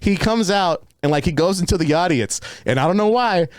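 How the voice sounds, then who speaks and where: A man's voice: sits high, lively intonation, a little fast. A man hosting a podcast in a casual, profane comedic chat. He laughs often and acts out his own story with quoted voices.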